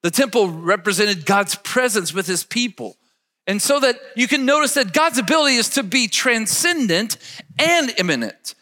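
A man's voice: high-pitched, expressive, moderate pace, bright, forceful tone, long reverb tail. A man preaching a sermon emphatically, leading his listeners to repeat words after him. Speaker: pastor.

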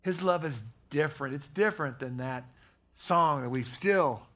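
A man preaching a sermon as pastor, repeating key phrases for emphasis and growing hushed in prayer. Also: a little high, normal speed. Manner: preaching with emphatic repetition, dropping soft at prayer.

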